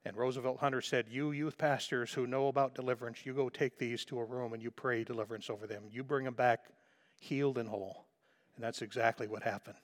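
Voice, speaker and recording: A man's voice: mid-range voice, steady tone, fairly quick. A man preaching a sermon as a pastor, fervent and emphatic, repeating phrases for emphasis.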